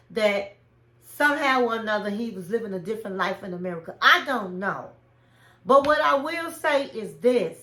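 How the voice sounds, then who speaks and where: A high-pitched woman in casual recap commentary, sounding off with strong opinions about what she saw. She retells each scene by acting out people's lines herself. Her voice bounces around a roomy, echoey space. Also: sharp tone. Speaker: reality TV recap host.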